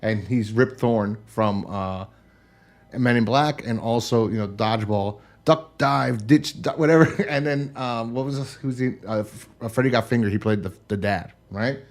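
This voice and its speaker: A man's voice: mid-range voice, moderate pace. A man retelling a TV episode in casual chat, acting out characters and laughing often. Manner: animated storyteller, acts out characters, laughs often, swears. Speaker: podcast co-host.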